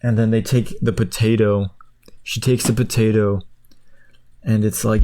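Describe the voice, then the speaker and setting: A man rambling through the plot of a movie while clicking away, jumping into high squeaky voices for the characters. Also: flat delivery, measured pace, mellow, a little hiss or hum. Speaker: streamer. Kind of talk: casual chat while clicking.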